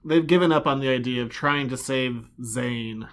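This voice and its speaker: A man co-hosting a podcast, recapping comics in casual chat with a dry, deadpan manner and acting out the characters' lines. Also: mid-range voice, moderate pace. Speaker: podcast co-host.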